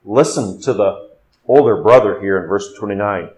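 A male pastor delivering an expository sermon, rising and quickening when he quotes scripture and dropping low and slow for emphasis. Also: a little mellow, low-quality recording.

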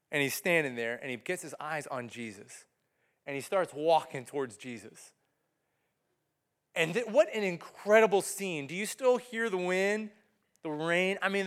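A man with a high, smooth, resonant voice preaches to a church congregation in a loose, conversational style. He retells the story as if chatting with friends and slips into the voices of the people in it. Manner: casual storytelling, acts out voices of the people he describes. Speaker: pastor. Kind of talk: conversational sermon. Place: church service before a congregation. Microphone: body-worn microphone.

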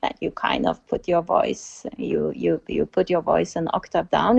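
A woman's voice: fairly low pitch, steady tone, unhurried, creaky, few pauses, a little mellow, husky. A woman from Norway, a philosophy teacher being interviewed, who speaks thoughtfully and repeats herself for emphasis. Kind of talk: conversational interview. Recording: dull lo-fi recording.

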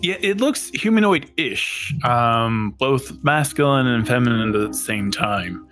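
A man narrating a tabletop game as game master, describing scenes in an unhurried way. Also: medium pitch, expressive, a bit bright, soft background music.

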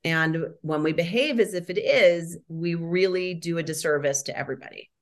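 A woman answering interview questions about schools and parenting, explaining with emphasis and shifting between quick bursts and slow stresses. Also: lowish voice.

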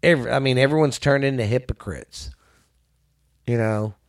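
Dude hosting a chat show, cussing a lot, ranting, regular mid voice. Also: male voice, medium pitch, moderate pace. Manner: profane, blunt, ranting.

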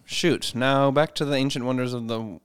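Smooth-voiced laughing man co-hosting. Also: medium pitch, fairly even intonation, normal speed. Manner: jokey, laughs often, trails off mid-sentence. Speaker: podcast co-host. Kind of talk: casual chat.

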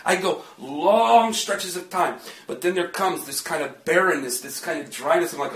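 A man's voice: fairly high pitch, normal speed, hardly any pauses, fairly bright tone. A man preaching a sermon in a chatty way, often laughing and joking with the congregation in a church. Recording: echoey church from a distant mic.

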